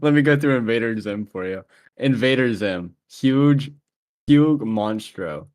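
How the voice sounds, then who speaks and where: A man's voice: mid-range voice, expressive, a little slow, a little mellow, no room sound. A young man co-hosting a live stream in casual chat, chuckling as he reads out long lists, with hesitant restarts. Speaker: stream co-host.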